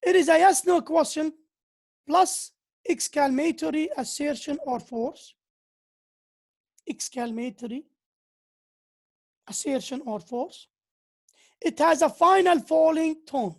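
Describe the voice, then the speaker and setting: A woman's voice: high-pitched, slow, pauses often, a little mellow. A woman lecturing on grammar who often repeats key phrases and reads out examples. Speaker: university lecturer. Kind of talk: slow lecture on English grammar.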